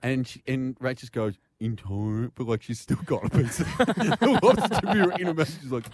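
A man's voice: mid-range voice, brisk, slightly rough, no echo, studio quality. An Australian man in his thirties, a radio host telling a story in casual chat and acting out what people said. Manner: animated, acts out people's lines as he tells the story.

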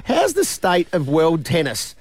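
A man's voice: a little high, wildly swooping pitch, unhurried, dry recording. A man telling comic stories as a regular radio guest, laughing through them. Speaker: weekly comedian guest.

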